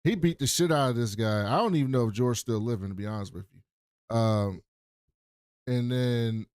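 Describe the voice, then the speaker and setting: A man's voice: mid-range voice, moderate pace, darkish tone, clean tone, no echo. A man co-hosting a casual recap podcast, retelling scenes with plenty of swearing and laughter. His voice sits in a middle register. The sound is dry and close, with no room around it. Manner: profane, laughing storyteller who acts out the quotes. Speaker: podcast co-host.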